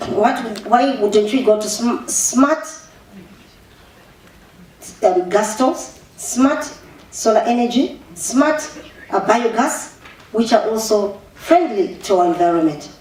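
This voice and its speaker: Zimbabwean woman giving an animated speech. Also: on the high side, slow. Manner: animated, mixes English with Shona, frequent restarts. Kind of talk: public speech. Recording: echoey room, voice far from the mic, faint ambience.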